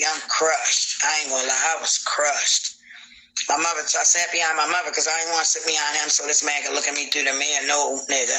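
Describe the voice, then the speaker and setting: A man tells his story in a raw, cursing, emphatic way on a live stream. His voice is very bright and edgy, and it sits a little high for a man. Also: rough recording. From Baltimore, USA. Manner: blunt, profane, emphatic storytelling. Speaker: guest telling a personal story on a live stream. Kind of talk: candid live-stream testimony.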